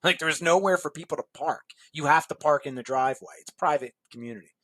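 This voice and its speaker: As an interview guest, a man casually tells a long anecdote, animated and chuckling while he acts out the voices of people in it. His voice is on the high side and fast, with no echo.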